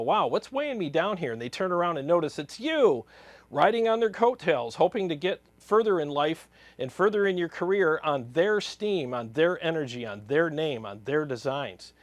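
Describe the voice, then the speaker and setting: Brief: fired-up man with a higher voice ranting bluntly in a dry-sounding room. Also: no room sound. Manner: blunt, heated, exasperated. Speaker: guitar channel host. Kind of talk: opinion rant to camera.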